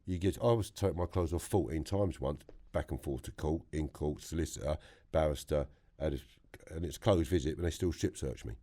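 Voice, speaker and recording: A man with a London accent telling his story as a podcast guest, blunt and animated, swearing freely. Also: a bass voice, a little fast. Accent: London English. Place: podcast studio.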